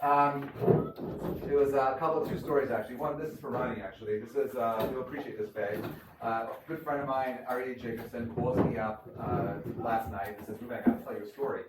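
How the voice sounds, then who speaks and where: A man's voice: medium pitch, steady tone, fairly quick. A man speaking as a rabbi at a crowded event, telling anecdotes with many fillers and restarts. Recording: echoey room, far from mic, noisy.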